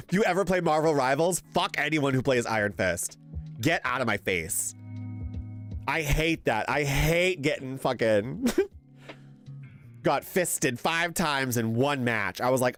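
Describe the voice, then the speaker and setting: Excitable male streamer with a lively voice. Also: mid-range voice, measured pace, faint music behind. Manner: excitable, swearing, laughing, reacting loudly to the game. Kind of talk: casual gaming stream chat.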